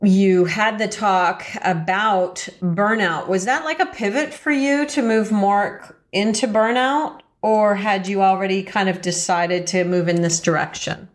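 A woman hosts a podcast interview. She asks questions and answers her guest with brief, supportive remarks. Her pitch sits in an ordinary middle range. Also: measured pace, few pauses. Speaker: podcast host.

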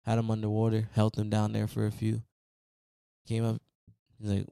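A man with a lowish voice delivers a loose, preachy motivational rant on his solo podcast, leaning on "man" and "y'all." The sound is close and dry, with no room echo. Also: completely flat delivery, moderate pace, gravelly, warm tone, clear, resonant tone. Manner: casual, preachy, repeats "man" often. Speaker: podcast host.

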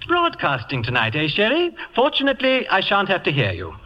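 A vain, theatrical English playwright holds forth grandly in an English accent. His voice is very high and sweeps up and down. It comes through a muffled vintage radio broadcast with a long echo. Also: wildly swooping pitch, fairly quick. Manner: grandiloquent, pompous. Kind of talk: 1940s radio acting.

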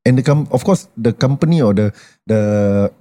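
A realtor guest, a man, patiently explaining with many pauses. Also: medium pitch, lively intonation, mellow. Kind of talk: casual chat.

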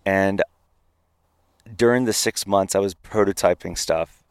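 A man, a podcast guest telling an animated story and swearing now and then. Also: sits low, a little slow, smooth, no room sound. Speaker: podcast guest, company founder. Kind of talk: storytelling in a casual interview.

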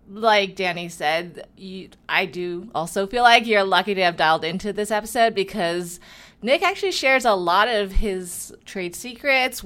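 Woman, podcast co-host, sincere intro, average pitch. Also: a bit bright.

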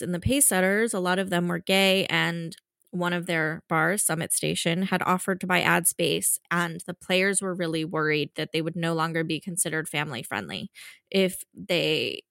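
A woman's voice: on the low side, vocal fry, a bit bright, no room sound, clean studio sound. A woman author talking earnestly and with feeling about her book in an interview, with frequent restarts. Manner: earnest, heartfelt, fast with restarts. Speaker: author guest. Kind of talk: emotional conversational interview.

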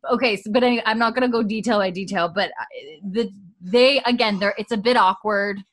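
A woman in casual chat, retelling a show's scenes with bursts of laughter and quick acted-out dialogue. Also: medium pitch. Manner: animated storyteller, acts out characters' lines, laughs often. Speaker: podcast co-host recapping a TV episode.

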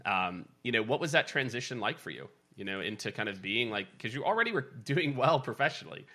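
A man's voice: mid-range voice, big pitch swings, fast, pushed and bright. A man hosting a podcast, asking loose, rambling questions with many restarts. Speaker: podcast host. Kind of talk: casual interview.

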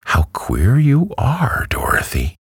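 A man voicing a brisk, self-assured talking hen, with a cackling manner and a raised, husky voice in a storybook reading. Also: deep voice, very animated, no echo, studio quality, pitched above the performer's own voice, full character voice. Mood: matter-of-fact. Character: chatty, matter-of-fact talking yellow hen, female.

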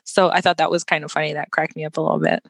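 A young woman co-hosting a casual chat about a film, talking in a chatty, animated way with lots of fillers and laughter. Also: low-pitched, very fast, creaky, dry recording. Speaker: podcast co-host.

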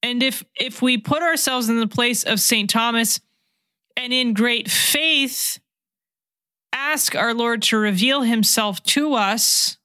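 A woman giving a slow, reflective sermon. She repeats key phrases and drops to a soft whisper when she quotes scripture. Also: a little high, dry recording, studio quality. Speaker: preacher.

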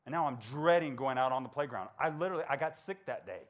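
Male speaker, 40s, school talk, animated and conversational, acts out voices. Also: mid-range voice, fast. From Georgia. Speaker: motivational speaker. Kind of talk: storytelling talk to students.

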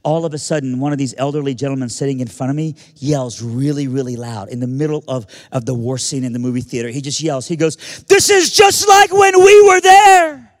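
A man's voice: medium pitch, steady tone, quick pace, few pauses, dark tone. An American man telling a personal story in an earnest, vivid way, repeating phrases for weight. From United States. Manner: earnest, vivid retelling with repetitions. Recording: long reverb of a large hall.

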